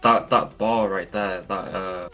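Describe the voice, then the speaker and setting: A man trader speaking casually in a soft, halting way. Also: sits low, steady tone, faint music behind. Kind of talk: casual chat.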